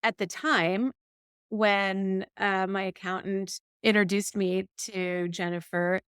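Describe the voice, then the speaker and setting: With a clean, mid-range voice and a slow pace, a podcast co-host shares a story from her life. The studio sound is clean with no room noise, and she performs each quoted line in character.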